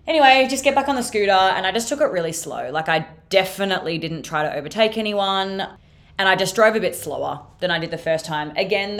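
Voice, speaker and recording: A young Australian woman hosting a podcast, telling a story in a chatty, sweary way full of "like". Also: fairly low pitch. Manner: chatty, sweary, filler-heavy with frequent "like". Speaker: podcast host. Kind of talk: casual storytelling monologue.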